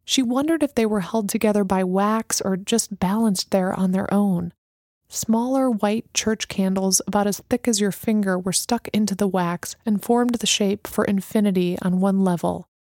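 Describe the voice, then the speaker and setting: Here a woman with a mid-range voice gives a steady, measured audiobook narration. The recording is dry and of studio quality.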